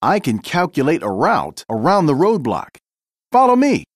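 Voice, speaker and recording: Guy doing a plucky lady spy car, higher voice, urgent and determined, dry storybook read. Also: huge pitch swings, moderate pace, dry recording. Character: brave clever female spy car.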